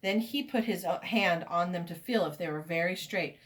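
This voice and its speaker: A woman reading a children's story aloud, expressive and inviting listeners to join in. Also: fairly low pitch, normal speed.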